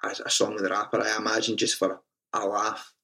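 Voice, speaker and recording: A man's voice: fairly low pitch, little pitch movement, brisk, pushed and bright. A Scottish man, a band frontman, telling stories in a casual interview, swearing freely and often restarting his sentences. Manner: swears freely, restarts a lot, self-mocking.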